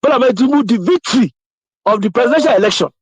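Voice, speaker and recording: A man's voice: very high voice, animated, rapid-fire, slightly rough, no echo, rough recording. A man with a Nigerian accent, calling into a talk show and speaking in an effusive, blessing-heavy way that mixes Yoruba with English. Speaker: guest caller. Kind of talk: casual talk show call.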